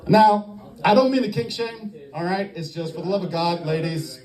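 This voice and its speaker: Southern male stand-up comic, open-mic set, mellow tone, animated delivery with acted-out voices. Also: sits high, moderate pace, low-quality recording. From American South. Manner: animated, acts out quoted voices, laughs at own jokes. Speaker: stand-up comedian. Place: comedy club open mic.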